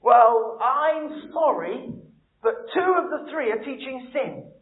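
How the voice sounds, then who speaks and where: High-voiced blunt preacher. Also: male voice, slow pace. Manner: blunt, emphatic, swings between quiet and loud. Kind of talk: sermon. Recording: echoey room over a tinny, phone-like line.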